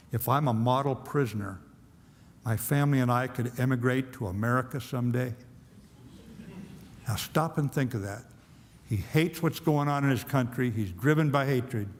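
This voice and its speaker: An older man speaking to a university audience, telling a war story in a blunt, plainspoken way. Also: mid-range voice. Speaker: guest speaker. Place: university auditorium. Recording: long hall reverb.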